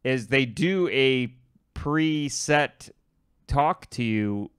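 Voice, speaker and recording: In a very slow, expressive, smooth mid-range voice, a male podcast co-host narrates a story during casual chat. He riffs along, acting out the people in it through quoted voices. The recording is dry and cleanly captured in a studio.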